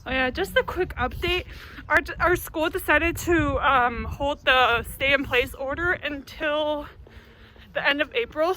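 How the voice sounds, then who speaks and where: A woman's voice: sits high, pushed and bright, slight background noise, low-quality recording. A young woman, a doctoral student, chatting upbeat to her viewers in a casual vlog. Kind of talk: casual vlog narration to camera.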